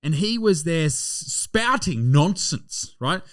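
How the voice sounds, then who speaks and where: A man's voice: fairly high pitch, slow pace, no echo. A man with an Australian accent hosting a comedy podcast, joking and swearing in casual banter. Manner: profane, joking, animated. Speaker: podcast host.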